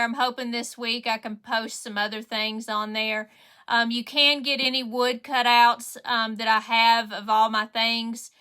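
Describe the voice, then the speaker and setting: Chatty Southern woman with a bright voice. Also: on the high side, clear, resonant tone. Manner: chatty, greets viewers by name, friendly drawl. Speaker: craft livestream host. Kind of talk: casual livestream chat to viewers.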